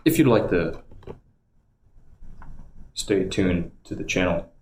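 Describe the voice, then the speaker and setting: At home on a livestream, a man chats casually, rambling and muttering to himself as he goes. His voice is low, animated, and darkish in tone, and he takes his time. The room gives a roomy echo with a faint hum behind it.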